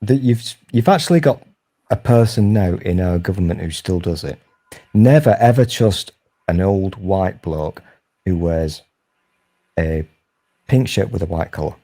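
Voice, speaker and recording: Male host, 40s, low warm voice, rambling sweary banter. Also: lively intonation, unhurried, pauses often. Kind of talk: casual chat.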